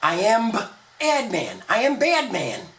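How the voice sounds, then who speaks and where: A man's voice: high voice, wildly swooping pitch, a little slow, a bit bright, roomy sound, voice pushed up, exaggerated voice. A man voicing a brash first man who speaks bluntly and defiantly toward God.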